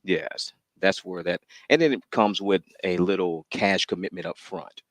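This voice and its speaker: A man's voice: sits low, moderate pace, fairly bright tone, dry recording. A man, a dealership's new car director, chatting as a radio guest in a polite, affirming salesman's manner. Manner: polite, affirming salesman, says "yes" often. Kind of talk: casual chat as radio guest.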